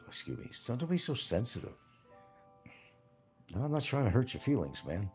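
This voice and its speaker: A man's voice: medium pitch, big pitch swings, moderate pace, pauses often, soft background music. A man hosting a casual livestream and answering viewer comments in a blunt, profane, combative way. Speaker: livestream host.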